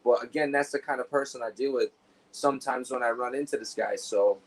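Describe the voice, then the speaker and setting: A man's voice: mid-range voice, a little fast, crowd noise, low-quality recording. A man talking casually and profanely, rambling through stories about his work as a store clerk. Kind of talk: casual chat.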